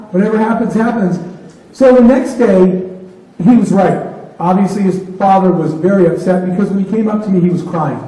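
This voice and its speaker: A man's voice: sits high, dark tone. A man giving a motivational talk to an audience, retelling conversations as dialogue. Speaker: keynote speaker. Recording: echoey hall from far off.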